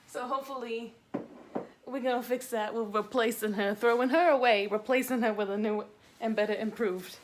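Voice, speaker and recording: A young woman from Tennessee with a Southern accent, chatting excitedly through a plant unboxing on her vlog. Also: fairly high pitch, moderate pace, a little hiss or hum. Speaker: plant YouTuber.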